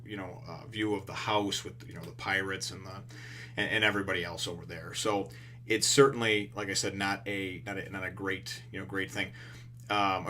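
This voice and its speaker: A man retells a manga chapter in a loose, rambling way, leaning on fillers and dropping the odd curse. His voice sits a little low but comes across bright and forceful. It sounds like a casual review. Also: slight background noise. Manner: rambling, heavy on fillers and restarts; profane, relaxed retelling.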